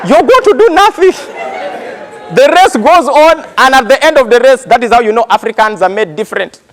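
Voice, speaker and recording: A man's voice: very high voice, brisk, some chatter behind. A Ugandan-accented man performing live stand-up, telling stories animatedly and acting out characters. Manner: animated storytelling, acting out voices. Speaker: stand-up comedian. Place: theatre stage, live. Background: audience laughter.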